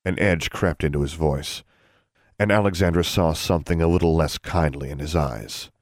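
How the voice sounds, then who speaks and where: A man reading a novel aloud as narrator, in an even, unhurried storytelling manner. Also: extremely low pitch, no echo, studio quality. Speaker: audiobook narrator. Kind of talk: scripted narration.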